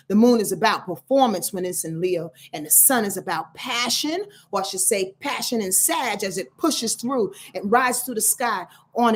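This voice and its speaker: A woman hosting a casual astrology livestream. She talks in a slangy, animated way, laughs often, clears her throat, and mentions a sore back. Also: medium pitch. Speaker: astrology channel host.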